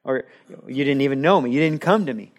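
A man voicing the Lord speaking as a judge to a sinner, quiet and firm, within a sermon. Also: mid-range voice, fairly quick, lightly acted.

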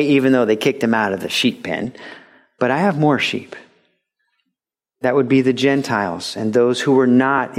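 A man preaching a sermon as a pastor, animated and joking, sometimes putting on voices for the people he quotes. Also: medium pitch.

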